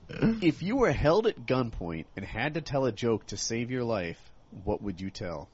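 A man chatting casually with friends and telling a long, rambling joke, laughing loudly. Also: mid-range voice, very animated, measured pace. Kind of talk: casual chat among friends. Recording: dull lo-fi recording with faint noise.

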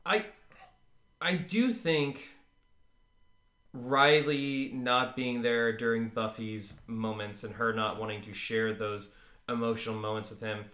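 A man's voice: mid-range voice, steady tone, takes it slowly, bright, forceful tone, reverberant. A man co-hosting a podcast in casual chat, rambling and laughing easily. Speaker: podcast co-host.

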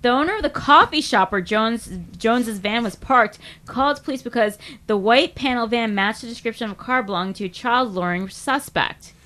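A woman's voice: fairly high pitch, brisk, pushed and bright. A woman hosting a casual comedy podcast, chatting and reading out news stories with emphasis. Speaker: podcast host.

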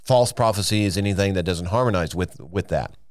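A man's voice: deep voice, fairly quick, dry recording. A man teaching the Bible in a podcast, earnest and emphatic, with frequent fillers and restarts as he works through passages.

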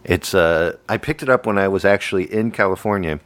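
A man's voice: low-pitched, a little fast, dry recording. A man hosting a podcast in casual chat, teasing his guest, laughing often and fond of doing impressions.

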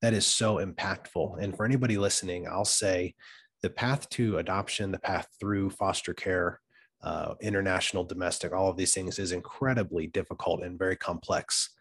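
A man's voice: low voice, steady tone, normal speed, a bit bright, breathy edge. A man hosting a podcast interview, giving frequent short agreements and asking follow-up questions. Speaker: podcast host. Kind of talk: conversational interview.

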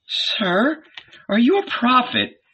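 A man's voice: very high voice, sing-song, slow, sharp tone, slightly rough, highs cut off, pitched above the performer's own voice, exaggerated voice. A man reading an audiobook, voicing an eager, troubled village woman in a raised voice. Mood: earnest.

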